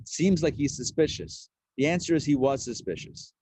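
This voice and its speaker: A man, a rabbi, teaching a live Torah class in a chatty, lively way and acting out the people he quotes. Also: a little high, moderate pace, breathy edge, dry recording.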